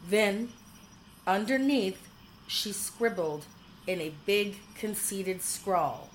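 A woman narrating a whimsical storybook in a measured, dryly humorous way. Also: medium pitch, a little hiss or hum, rough recording.

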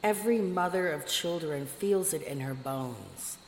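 A woman reading aloud gives voice to a wise older queen in a storybook. She speaks with calm, amused composure, low and unhurried. A long reverb and faint hiss surround the voice. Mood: serene. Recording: echoey room with long reverb, faint noise.

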